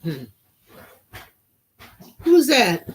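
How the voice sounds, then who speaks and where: A woman's voice: on the high side, wildly swooping pitch, drawn-out words, breathy edge. A middle-aged woman hosting a casual live vlog, preaching in a loose, repetitive way and laughing now and then. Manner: preachy, repeats phrases for emphasis, laughs at things. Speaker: vlog host and minister. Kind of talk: casual live-stream commentary.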